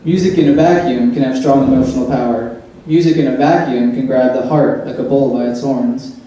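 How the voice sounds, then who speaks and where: A man's voice: mid-range voice, brisk, warm tone, highs cut off, a little hiss or hum. Wry man reading an essay, very echoey. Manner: wry, dry asides. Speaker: essay reader. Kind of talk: reading a humorous personal essay aloud. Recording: echoey room, mic far off.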